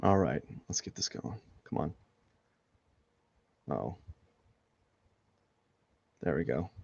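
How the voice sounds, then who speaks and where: A man's voice: extremely low pitch, lively intonation, takes it slowly, gravelly, darkish tone, no room sound. A man who is an artist chatting casually during a live drawing stream, rambling with many restarts and fillers, and laughing at himself. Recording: dull lo-fi dry sound.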